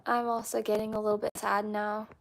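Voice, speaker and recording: A woman chatting casually with her livestream viewers, halting and soft-spoken with many fillers and restarts. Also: medium pitch, monotone, gravelly. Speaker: livestream host.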